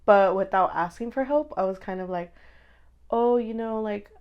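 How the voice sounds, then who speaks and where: A young woman co-hosting a podcast, talking candidly in a casual chat, full of "like" fillers and quick quoted asides. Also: medium pitch, smooth, dull audio. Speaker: podcast co-host.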